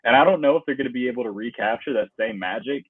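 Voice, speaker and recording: Husky-voiced man on a tinny line. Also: mid-range voice, very fast, no room sound. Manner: exasperated, swears, laughs often. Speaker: podcast co-host. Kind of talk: casual sports talk.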